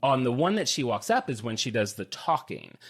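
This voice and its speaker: A man's voice: a little fast, husky. A man co-hosting a podcast, telling a long story in casual chat and acting out what people said. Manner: animated, acts out quotes with big pitch jumps. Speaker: podcast co-host.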